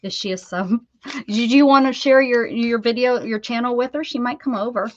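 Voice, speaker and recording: A woman's voice: on the high side, moderate pace, muffled recording, slight background noise. A woman hosting a casual crafting livestream, chatting and talking baby-talk to her cat as she works. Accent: American. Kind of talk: casual chat while crafting.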